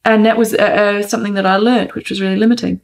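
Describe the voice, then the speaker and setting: A woman and mother giving an earnest, thoughtful update on family life, pausing often as she gathers her thoughts. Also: mid-range voice, little pitch movement. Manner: earnest, thoughtful, hesitant with many pauses. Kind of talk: reflective personal update.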